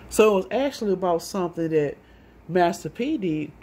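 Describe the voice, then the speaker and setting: A woman telling a rambling personal story in a casual monologue, profane and animated, often acting out what others said. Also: fairly low pitch, normal speed, a little hiss or hum.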